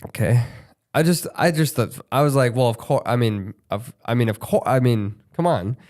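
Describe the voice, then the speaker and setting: A man's voice: mid-range voice, animated, moderate pace, a little mellow. A young man co-hosting a comedy podcast, telling loose, swear-filled stories in casual chat. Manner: loose, swearing, rambling storyteller. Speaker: podcast co-host.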